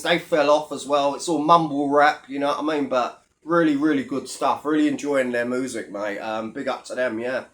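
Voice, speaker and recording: A man's voice: fairly high pitch, fairly bright tone. A man giving a blunt, mocking commentary on a video channel, swearing heavily as he rants. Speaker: YouTube commentator. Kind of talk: ranting commentary vlog.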